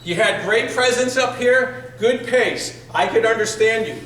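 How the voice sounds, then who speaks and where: A man's voice: very high-pitched, unhurried, a bit bright. A man evaluating a speaker at a club meeting, giving encouraging, structured feedback with some restarts. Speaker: speech evaluator. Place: meeting room. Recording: echoey room audio from far off.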